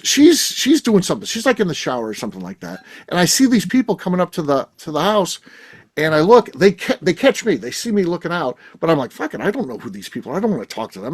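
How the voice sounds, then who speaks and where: A middle-aged man hosting a podcast, telling a rambling story in casual chat, animated and swearing freely. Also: on the high side. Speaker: podcast host.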